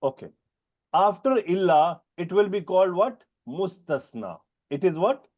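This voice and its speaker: A man's voice: sits high, expressive, darkish tone, highs cut off. A male teacher with non-native English, giving a Quran grammar lesson and quizzing students by name. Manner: questioning students by name, explaining terms slowly.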